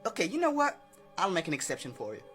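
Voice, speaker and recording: A man's voice: high voice, huge pitch swings, fast talker, a bit bright, soft background music, exaggerated voice. A man voicing a famous young female wedding singer who is polite but reluctant, stammering as she hedges. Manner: hesitant, stammering.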